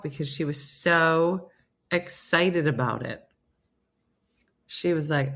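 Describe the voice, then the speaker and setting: A woman's voice: sits low, a little slow, long pauses, a bit bright. A woman hosting a casual morning livestream, chatting playfully with viewers and her dog. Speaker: livestream host. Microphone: phone.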